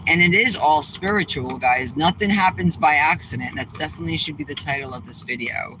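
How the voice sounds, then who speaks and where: Massachusetts dude vlogging from his car, sharp bright voice, kinda high, rambles and cusses, faint road hum. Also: brisk, low-quality recording. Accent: Southeastern Massachusetts. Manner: rambling, blunt, swears freely. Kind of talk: casual livestream chat while driving. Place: inside a car. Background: faint vehicle noise.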